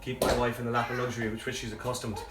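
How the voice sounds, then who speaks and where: A man, out of breath, leading a live workout with energetic cues and chatty asides. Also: medium pitch, very fast. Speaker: fitness coach. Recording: echoey room, mic at a distance, faint music.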